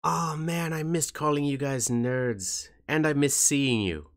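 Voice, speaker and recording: A man's voice: on the high side, unhurried. A man chatting on his vlog in a joking, rambling and self-mocking way. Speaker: YouTuber. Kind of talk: casual vlog chat.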